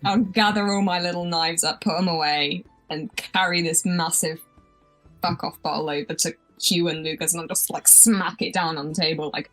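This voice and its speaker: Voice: mid-range voice, fairly even intonation, normal speed, fairly bright tone, soft background music, poor audio. A player in a live tabletop game, chatty and giggly, acting out the character's actions. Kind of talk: casual tabletop play.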